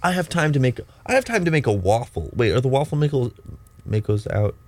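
A man's voice: mid-range voice, big pitch swings, a little fast. A young man hosting a college radio show, chatting casually and rambling with lots of restarts. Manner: rambling, restarting, self-deprecating. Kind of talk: casual on-air chat.

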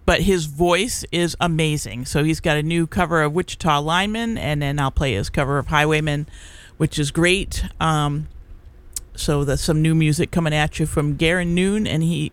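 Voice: medium pitch, fairly bright tone. A middle-aged community radio DJ chatting casually on air in the studio. They ramble and restart their sentences often, fill gaps with "uh" and "um", and chuckle easily. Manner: rambling and halting, full of fillers and restarts. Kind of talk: casual live radio chat.

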